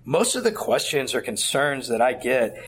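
A man's voice: mid-range voice, big pitch swings, normal speed, slight background noise. Earnest middle-aged pastor, mid-range male voice, conversational storyteller. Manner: earnest, storytelling with quoted dialogue. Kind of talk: conversational interview answers. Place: at a church conference.

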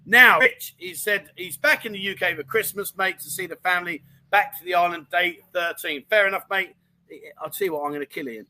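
A high-pitched man chatting on a casual livestream. His voice is bright and forward as he rattles through viewer comments, friendly and full of slang. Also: a little fast. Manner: chatty and animated, full of mate and diamond geezer slang. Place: home in Thailand.

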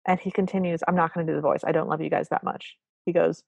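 A woman's voice: lowish voice, flat delivery, fast talker, creaky, few pauses, a little mellow, dry recording, dull audio. A woman co-hosting a podcast, recapping a cartoon in a wry, apologetic, casual way. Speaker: podcast co-host.

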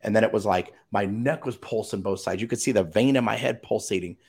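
Gravelly low-voiced man telling a story. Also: brisk. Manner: animated, acts out quoted voices, swears casually. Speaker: podcast guest. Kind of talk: personal storytelling in conversation.

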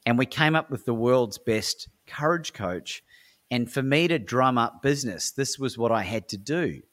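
A man's voice: medium pitch, animated, moderate pace, fairly bright tone. An Australian man is telling his stories as a podcast guest. He speaks with eager, emphatic energy and often repeats a word as he restarts a sentence. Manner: enthusiastic, emphatic, repeats words when he restarts. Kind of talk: animated storytelling in a podcast interview.

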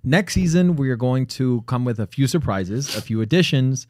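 A man co-hosting a relaxed podcast, his voice mid-pitched and dry, recorded close. He talks in an easygoing, encouraging way. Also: normal speed, dry recording. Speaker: podcast co-host. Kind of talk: casual chat.

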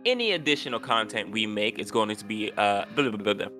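A man's voice: lowish voice, lively intonation, brisk, pushed and bright, soft background music. A man co-hosting a podcast in casual chat, joking and teasing. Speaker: podcast co-host.

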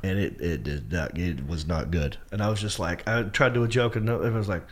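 A man's voice: low-pitched, fast, hardly any pauses, slightly rough. A man, a stand-up comedian, telling a story on a podcast and acting out his own lines in a raised voice. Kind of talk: animated storytelling.

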